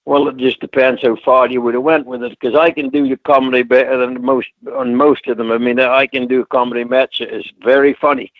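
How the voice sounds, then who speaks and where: A man's voice: mid-range voice, flat delivery, a little fast, few pauses, dry recording. Older Scottish-born man telling stories, muffled line. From Scotland. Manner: colloquial, anecdotal, acts out quotes. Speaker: guest, retired wrestler. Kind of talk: storytelling interview.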